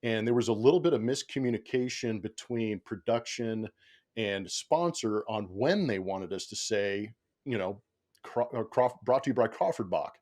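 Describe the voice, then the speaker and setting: A man's voice: on the low side, normal speed, a little mellow. A man who works as a baseball broadcaster, a podcast guest telling a story in casual chat, acting out quotes and often laughing.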